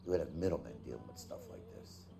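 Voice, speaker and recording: An actor playing a gruff, wry veteran police detective in a video game. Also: male voice, rumbling low, lively intonation, quick pace, crowd noise, full character voice. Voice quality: gravelly. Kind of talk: 1940s-style game acting. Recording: game audio with music.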